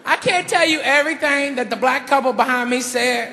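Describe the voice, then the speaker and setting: A male stand-up comedian telling an animated story on stage. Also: very high voice, fairly quick, vocal fry, in a large hall. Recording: live comedy show, loud crowd.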